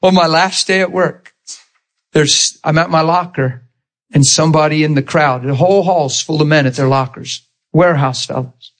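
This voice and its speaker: A man, a pastor, telling a personal testimony in a sermon, animated and leaping into high excited exclamations. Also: normal speed. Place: church sanctuary.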